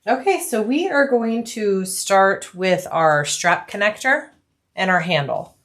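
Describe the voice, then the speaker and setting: A woman narrating a casual sewing tutorial, explaining each step in a relaxed, practical way and thinking aloud with frequent ums. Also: medium pitch, slow pace. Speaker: bag-making tutorial host.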